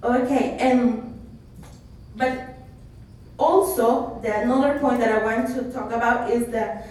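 A Mexican-accented woman explains Zapotec teaching in a halting presentation full of restarts and fillers. Her voice sits high, and the recording is heavily echoey and picked up from a distance. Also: steady tone, a little mellow. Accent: Mexican Spanish. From Isthmus region of Oaxaca, Mexico. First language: Spanish and Zapotec. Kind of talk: presentation talk. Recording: echoey room, voice from far off.

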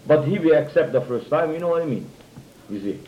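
A man with a Hawaiian Pidgin accent telling stories casually among friends, animated and full of fillers, acting out quoted speech. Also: a little high, quick pace. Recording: roomy, dull lo-fi recording.

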